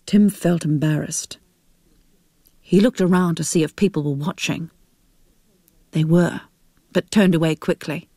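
A woman's voice: low voice, a little slow, pauses often, mellow, no echo, studio quality. A woman reading a novel aloud, narrating steadily. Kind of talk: audiobook narration.

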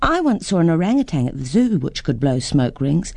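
A woman voicing an eager, curious young girl who asks lots of excited questions. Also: low-pitched, brisk, gravelly, no room sound, full character voice.

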